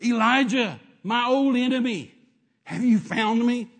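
A man voicing a frightened wicked king in a sermon retelling, crying out loud and drawn out. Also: very high voice, a little slow, long reverb tail, pitched above the performer's own voice, full character voice.

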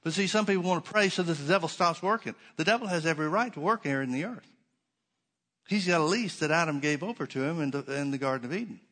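A man's voice: fairly high pitch, quick pace, a bit bright. A man preaching a sermon as pastor, emphatic, with rhetorical questions and dry sarcastic asides.

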